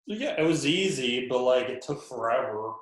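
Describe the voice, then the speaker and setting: A man's voice: medium pitch, animated, normal speed, echoey room, low-quality recording. A man hosting a podcast, chatting casually and joking, with lots of fillers. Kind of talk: casual chat.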